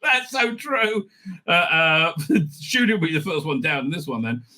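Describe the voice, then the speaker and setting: Speaking at a normal speed with a voice on the high side, a male review-show host offers opinionated takes. He's animated, stumbling through plenty of fillers and restarts and tossing in sarcastic asides.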